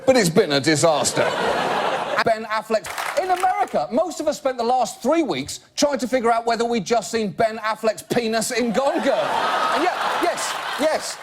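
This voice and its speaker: Male comedy host, high voice, biting mock outrage over a loud laughing crowd. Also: very animated, moderate pace, very noisy. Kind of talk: satirical monologue before a live audience. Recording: loud studio audience laughter. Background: studio audience laughing.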